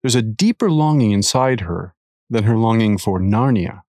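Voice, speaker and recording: A man reading a devotional article aloud, earnest and measured, with careful emphasis. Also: on the low side, lively intonation, warm tone, dry recording.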